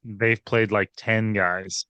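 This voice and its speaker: Male co-host, crisp clear voice, animated game breakdown. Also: lowish voice, takes it slowly, dry recording. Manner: animated, restarts often. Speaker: podcast co-host. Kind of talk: casual sports analysis chat.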